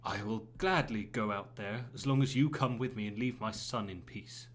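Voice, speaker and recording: A man's voice: fairly low pitch, normal speed, slight background noise, close to an everyday voice. A man voicing a weary village priest who defends himself and pleads under questioning, in a tabletop game. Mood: defensive.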